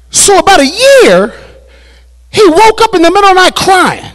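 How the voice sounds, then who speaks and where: A man preaching a sermon as pastor at a Bible study, repeating phrases and building to shouted climaxes. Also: extremely high pitch, very animated, moderate pace. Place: church.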